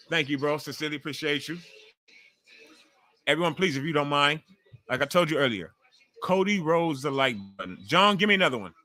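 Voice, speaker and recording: A man, hosting a casual live wrestling watch-along and chatting loudly with viewers. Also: a little high. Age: 40s. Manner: loud, excitable, chatty with viewers, swears freely. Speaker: livestream host.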